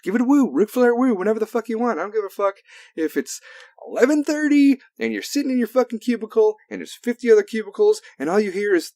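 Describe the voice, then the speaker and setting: A man hosting a solo talk show in a heated, profane rant that swings between loud outbursts and low mutters. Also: no echo, studio quality. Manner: heavy cursing, heated. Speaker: podcast host.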